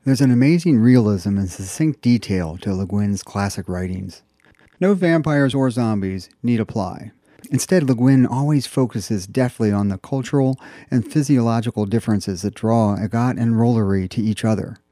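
A man's voice: lowish voice, moderate pace, dark tone, no room sound, studio quality. A man presenting a scripted audiobook review in an enthusiastic, polished way.

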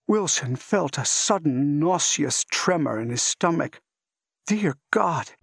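Casting: male audiobook narrator, husky, unhurried, tense and dramatic. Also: fairly high pitch, lively intonation, fairly bright tone, dry recording, studio quality. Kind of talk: dramatic story reading.

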